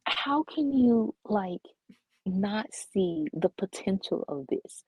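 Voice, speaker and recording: A woman co-hosting a casual comic book podcast, speaking in a measured, opinionated way on a dull, lo-fi recording. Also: mid-range voice, animated, darkish tone, husky, no echo. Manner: measured, opinionated, frustrated ranting. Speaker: podcast co-host. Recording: dull lo-fi dry mic.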